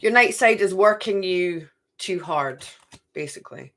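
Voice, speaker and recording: A woman in middle age reads oracle cards for her viewers at an unhurried pace. Her voice sits low, and she chats loosely, often thinking aloud to herself. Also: expressive, fairly bright tone. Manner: chatty, talks to herself, repeats phrases. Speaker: card reader. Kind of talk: live oracle card reading to viewers.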